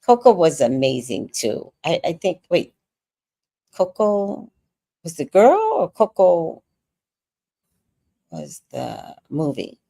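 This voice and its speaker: A woman in her sixties chats loosely through a livestream, reading out viewer comments and reacting with quick laughs. Her lowish voice has a gravelly edge and swings widely up and down. She sounds worn out, and the sound is close and dry. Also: big pitch swings, warm tone, dry recording. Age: 60s. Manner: chatty, reacts to viewer comments with laughter and sudden sung bits. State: tired. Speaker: livestream host reading chat. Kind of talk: casual livestream chat.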